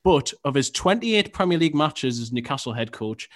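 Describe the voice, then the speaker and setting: A man hosting a football quiz on a podcast, reading questions in a dry, measured way. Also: fairly high pitch, very animated.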